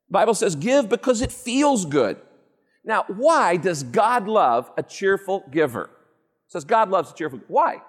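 A man preaching a sermon as pastor, emphatic and animated, with playful asides to the congregation. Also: sits high, long reverb tail.

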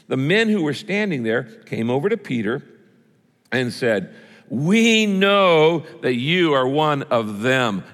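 A man's voice: medium pitch, fairly bright tone. Male pastor preaching in a reverberant church. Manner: conversational preaching, asks the congregation questions. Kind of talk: sermon. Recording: reverberant hall.

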